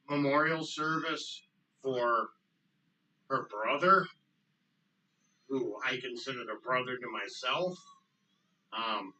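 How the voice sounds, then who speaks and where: A man co-hosting a casual podcast chat, choking up and pausing often with ums. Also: mid-range voice, pushed and bright, distant mic, rough recording. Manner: choked up, halting with many ums. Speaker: podcast co-host.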